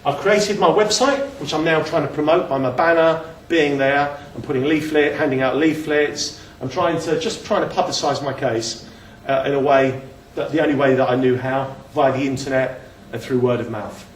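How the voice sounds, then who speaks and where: A man's voice: fairly high pitch, moderate pace, hardly any pauses, a little hiss or hum. A man giving a casual slide talk, chatty and self-deprecating, often restarting his sentences. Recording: echoey room, mic at a distance.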